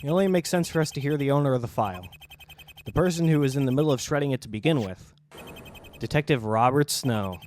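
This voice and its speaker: A man's voice: mid-range voice, expressive, fast, a little mellow, slight background noise, lightly acted. A man reading an earnest young defense lawyer.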